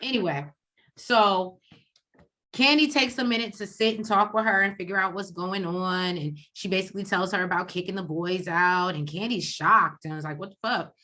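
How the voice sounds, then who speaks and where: A woman co-hosting a reality TV recap, talking in a blunt, profane, animated way and acting out quotes. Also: lowish voice, normal speed. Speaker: co-host of a TV recap show. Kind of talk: casual reality TV recap chat.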